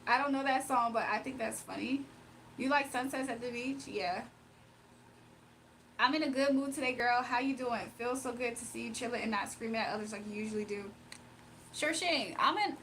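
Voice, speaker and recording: High-voiced blunt woman livestreamer. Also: fairly bright tone, slight background noise. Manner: blunt and confrontational, scolding a viewer. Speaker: livestreamer giving spiritual readings. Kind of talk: casual livestream chat, reading comments aloud.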